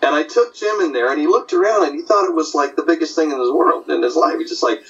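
A man's voice: on the high side, fast talker, gravelly, far from the mic, highs cut off. An older man, a comic artist, telling stories in casual talk and putting on voices for the people in them. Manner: animated, puts on voices in anecdotes. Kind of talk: casual storytelling.

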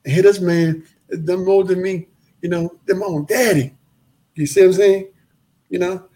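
A man telling his life story in a casual interview, animated and acting out the voices of the people in it. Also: high voice, moderate pace. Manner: animated, acts out quoted voices, repeats phrases.

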